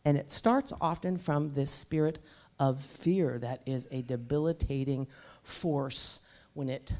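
A middle-aged woman preacher delivering a sermon. She speaks emphatically and with lively animation, and she slips easily into humorous personal stories. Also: sits low. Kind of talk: sermon with comic storytelling.

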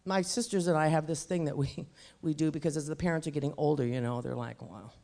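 A middle-aged woman preaching a sermon in an emphatic, animated way, mixing in humorous personal stories. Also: low voice, quick pace. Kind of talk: sermon with comic storytelling.

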